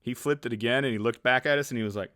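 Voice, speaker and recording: Lively man telling stories, dry sound. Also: mid-range voice, racing, no echo. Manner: animated, acts out quotes in other voices, laughs often. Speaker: podcast co-host. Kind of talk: casual storytelling chat.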